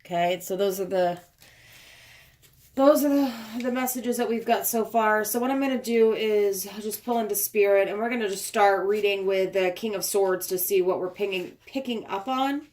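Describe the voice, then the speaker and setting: A woman's voice: mid-range voice, moderate pace, darkish tone. Chatty woman reading tarot aloud. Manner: chatty, thinking aloud while handling cards. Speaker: tarot card reader. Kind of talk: casual spoken tarot reading. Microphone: phone camera propped up nearby.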